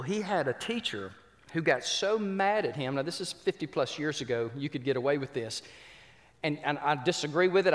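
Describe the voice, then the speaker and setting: A man preaching a sermon, telling a story with repeated words and questions to the congregation. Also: on the high side. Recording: reverberant hall.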